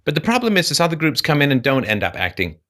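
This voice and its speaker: Guy hosting an interview, kinda high voice, super lively, bouncy delivery. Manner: animated, talks in quick bursts with mock voices. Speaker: host. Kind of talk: conversational interview.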